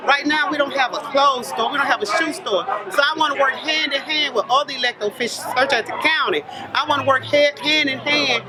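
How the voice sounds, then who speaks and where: A woman's voice: sits high, fairly quick, over loud music. A woman giving a fervent, emotional speech outdoors as the new mayor. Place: outdoors among a crowd. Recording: crowd noise behind.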